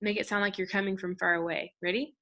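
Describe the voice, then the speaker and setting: A woman's voice: mid-range voice, level tone, fast, sharp tone. A woman teaching an art lesson to children, leading call-and-response chants with hand movements.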